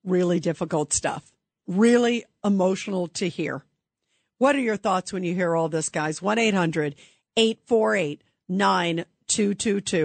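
A woman's voice: lowish voice, a little slow, gravelly, dry recording. A woman hosting a call-in talk radio show, speaking in an emphatic, indignant, conversational way.

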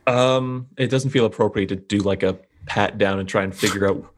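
A man's voice: lowish voice, a little fast, slight background noise. A man playing a tabletop game, speaking thoughtfully with some hesitation. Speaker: player.

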